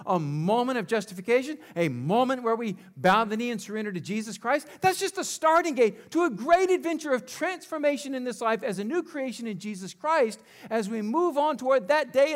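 High-voiced male pastor preaching. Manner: rhetorical questions, call-and-response with congregation. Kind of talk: sermon.

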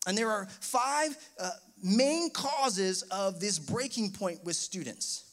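High-voiced young man preaching a sermon. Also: animated, slow, fairly bright tone. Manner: personal storytelling, rising to impassioned outbursts. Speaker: pastor.

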